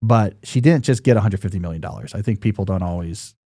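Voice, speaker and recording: A man's voice: on the low side, fast talker, mellow, no echo, studio quality. A man in his forties hosting a podcast in casual chat, rambling and joking, with lots of fillers and restarts. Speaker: podcast host.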